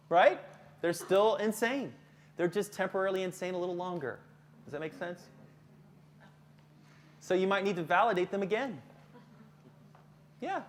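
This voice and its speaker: Man, counselor, live workshop talk, lively delivery, soft low voice in calm examples. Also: a little slow, pauses often, a little hiss or hum. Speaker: school counselor presenting to teachers.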